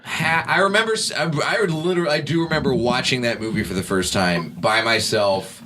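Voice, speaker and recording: A man's voice: mid-range voice, a little fast, bright, forceful tone. A man who is a guest on a casual podcast chat, complaining with wry sarcasm.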